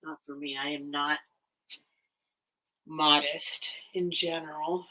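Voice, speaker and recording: A woman's voice: low voice, steady tone, slow, sharp tone, rough recording. A woman hosting a live vintage sale stream, chatting casually and emotionally with her viewers while tearful. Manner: rambling and emotional, talks straight to her viewers. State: teary.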